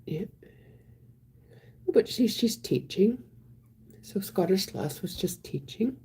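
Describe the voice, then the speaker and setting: A woman casually chatting on a live stream, reading viewer comments aloud in a soft voice that often drops to a whisper. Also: medium pitch, lively intonation, slow, slightly rough.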